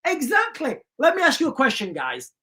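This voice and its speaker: A man's voice: very high voice, wildly swooping pitch, fairly quick, bright, forceful tone. A man hosting a livestream, ranting emphatically, repeating himself and putting questions to his viewers. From United Kingdom. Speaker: livestream host.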